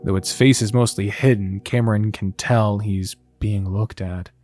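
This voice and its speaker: A man narrating a story game and reacting with excited, sweary asides. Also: fairly low pitch, a little slow, faint music behind.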